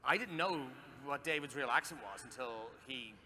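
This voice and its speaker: A man's voice: medium pitch, lively intonation, moderate pace, a crowd in the background. A man with an Irish accent, joking and swearing freely as an actor on a convention panel. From Ireland. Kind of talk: casual panel chat. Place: large convention hall. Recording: echoey convention hall.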